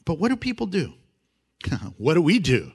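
Male pastor, high-pitched, animated delivery that drops to hushed asides, playful acted-out voices. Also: moderate pace, husky. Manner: animated, swings from loud emphasis to hushed intimacy; acts out prayers and voices with humor. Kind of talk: sermon.

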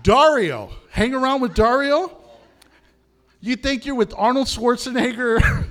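Middle-aged male pastor, high-pitched and animated, preaching with frequent laughs. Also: a little slow, pauses often. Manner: animated, laughs often, swings from low to high. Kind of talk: sermon.

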